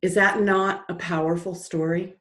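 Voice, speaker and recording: A woman guest telling stories in an interview, lively and dramatic, acting out the voices in her story. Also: fairly low pitch, normal speed, reverberant. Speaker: guest author.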